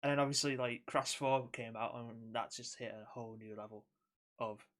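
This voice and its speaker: A man's voice: mid-range voice, fairly even intonation, normal speed. A man co-hosting a podcast in casual chat, swearing freely and reacting to his partner. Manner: sweary, reactive, laughs along. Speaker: podcast co-host.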